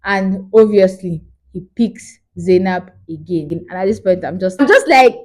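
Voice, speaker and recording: Animated woman gossiping through a movie recap. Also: fairly low pitch, measured pace. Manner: animated, gossipy retelling with acted quotes. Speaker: movie reviewer.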